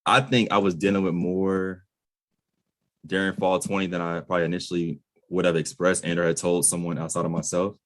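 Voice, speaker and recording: This podcast host, an American man in his late twenties, has a low-pitched voice with a flat delivery and speaks fairly quickly. The recording is dry, and his interviewing style is earnest, emphatic, and slangy.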